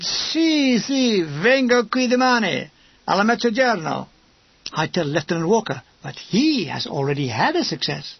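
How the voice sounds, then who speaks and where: A man's voice: sits high, vocal fry, slightly rough, no echo. A man narrating a war memoir audiobook in a wry, comic storytelling manner. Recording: dull lo-fi dry recording.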